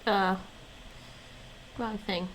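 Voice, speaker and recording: A woman live-streaming in a casual, chatty way, thinking aloud and reading passages aloud while her voice is going hoarse. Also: medium pitch, fairly even intonation, very slow, fairly bright tone, slight background noise, rough recording. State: losing her voice, coughing.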